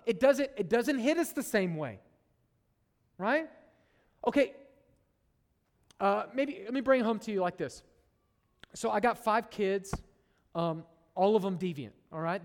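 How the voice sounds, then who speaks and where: A middle-aged man preaching a sermon to his church, conversational and joking, tagging lines with "right?". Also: extremely high pitch. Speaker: pastor. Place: church sanctuary. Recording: long reverb of a large hall.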